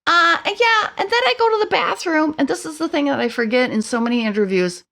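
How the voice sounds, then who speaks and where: A middle-aged woman on a podcast tells her story in a casual, animated way. Her fairly high voice bounces between quick asides and playful voices she puts on for herself and others. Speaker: podcast guest.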